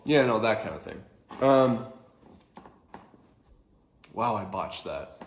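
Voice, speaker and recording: A man's voice: lowish voice, expressive, takes it slowly, gravelly, long pauses, reverberant. A man casually explaining a classic play in a rambling, chuckling way, often correcting himself. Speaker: video host explaining a play.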